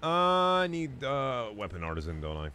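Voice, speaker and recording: A young male gamer chatting on a relaxed stream, crude and profane. His pitch leaps around expressively as he rants, though it sits at an ordinary middle height. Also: measured pace, clean tone. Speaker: game streamer. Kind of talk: casual gaming stream chat.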